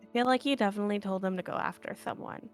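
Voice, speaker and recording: A woman's voice: medium pitch, no echo, faint music behind. A woman playing a tabletop game, talking casually and teasing the other players. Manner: teasing, quick to challenge others.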